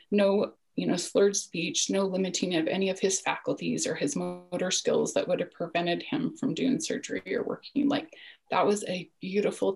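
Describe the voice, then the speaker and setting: Guest, woman, 40s, low gravelly voice, reflective and earnest, slips into near-whispers. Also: low-quality recording. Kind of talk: personal storytelling in a podcast interview.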